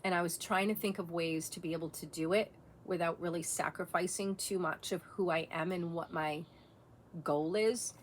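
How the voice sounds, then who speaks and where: A woman's voice: on the low side, steady tone, normal speed, slight background noise. A middle-aged woman vlogger talking in a blunt, profane, impassioned monologue rant.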